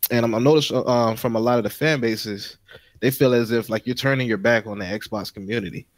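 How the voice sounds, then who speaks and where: A man's voice: medium pitch, fairly quick, no echo. A man joining a casual podcast as a guest, speaking earnestly and full of slang. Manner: slangy and earnest, often saying "bro".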